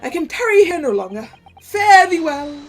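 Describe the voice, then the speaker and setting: A woman's voice: very high-pitched, big pitch swings, moderate pace, soft background music, pitched above the performer's own voice. A woman voicing a posh, theatrical man who speaks in grandiose, archaic phrases. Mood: flowery, grandiose.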